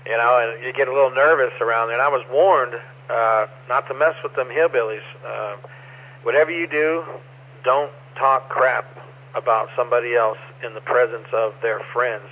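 A middle-aged man chatting casually as an amateur radio operator, rambling through stories in a relaxed way. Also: medium pitch, moderate pace. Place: over the air on amateur radio. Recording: muffled ham radio audio with faint noise.

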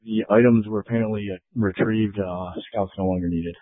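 A low-voiced male patrol officer answers the dispatcher quickly and tersely. He comes through a tinny, narrow-band police radio with a dry sound. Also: fairly even intonation, no echo. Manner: brisk, terse radio replies.

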